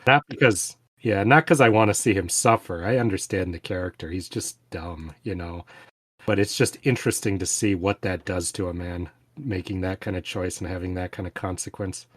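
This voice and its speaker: A man co-hosting a casual book discussion podcast, relaxed, with frequent "you know" fillers. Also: low voice, normal speed, husky, no room sound, studio quality. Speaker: podcast co-host.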